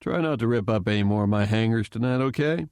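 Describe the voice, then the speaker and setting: A man's voice: on the low side, fast talker, darkish tone, smooth, no echo, clean studio sound, natural voice. A man voicing a wry, easygoing middle-aged base commander.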